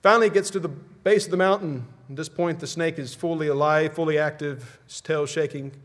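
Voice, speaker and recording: A man from the Ozark region, a pastor preaching a sermon with measured phrases that fall to a hush at their ends. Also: on the high side, fairly even intonation. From Ozark region, USA.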